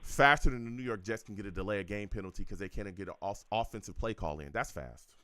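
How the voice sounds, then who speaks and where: Low-voiced man ranting as call-in host. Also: fast, bright, forceful tone, dry recording. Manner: heated, exasperated, repetitive ranting. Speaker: sports call-in show host. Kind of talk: live sports call-in radio rant.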